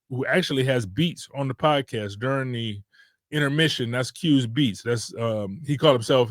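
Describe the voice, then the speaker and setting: A man's voice: medium pitch, no echo, clean studio sound. A man from Detroit, hosting a podcast, telling a road trip story in a loose, rambling way and correcting himself often. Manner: laid-back, rambling, with frequent self-corrections. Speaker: podcast host. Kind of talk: casual storytelling.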